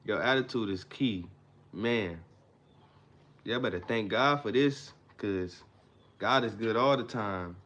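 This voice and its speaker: A man's voice: fairly low pitch, slow pace, long pauses, a bit bright. A man hosting a livestream, giving an emphatic motivational talk in a repetitive, preacher-like cadence. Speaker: livestream host.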